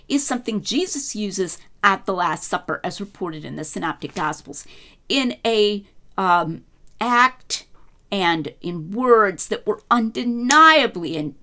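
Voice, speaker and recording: A woman's voice: medium pitch, fairly bright tone. A middle-aged woman giving an informal scholarly lecture, talking in a conversational way with frequent fillers and restarts.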